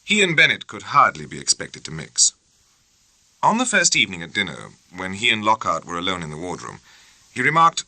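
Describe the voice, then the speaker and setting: A man reads a novel aloud in a measured, carefully spoken audiobook narration. His lowish voice has a bright, forceful edge and moves freely in pitch. The studio sound is dry and close. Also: very animated, no echo, low-quality recording. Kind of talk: scripted narration.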